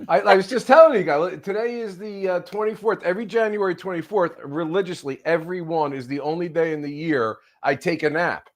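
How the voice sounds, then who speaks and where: A man with a New Jersey accent, a lawyer guest chatting on a live panel over a video call, joking at his own expense. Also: sits high. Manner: chatty, self-deprecating, quick laughs.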